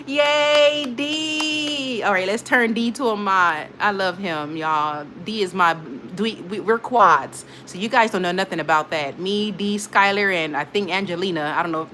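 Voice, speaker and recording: A woman hosting a casual livestream, reading viewer comments aloud, animated and emotional, often repeating herself. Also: lowish voice, slight background noise. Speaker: livestream host.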